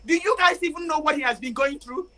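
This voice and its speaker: A woman calling in to a talk show, speaking angrily and building to shouting, close to tears. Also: high-pitched, fast talker, rough recording. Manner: angry, rising to shouting and near tears. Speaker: caller. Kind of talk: impassioned call-in rant.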